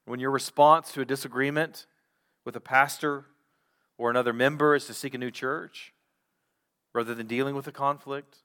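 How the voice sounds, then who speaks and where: Guy preaching, walking through scripture slow and steady, mid-pitched voice. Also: clear, resonant tone. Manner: teaching Bible text, measured with pauses. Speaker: pastor. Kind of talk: sermon.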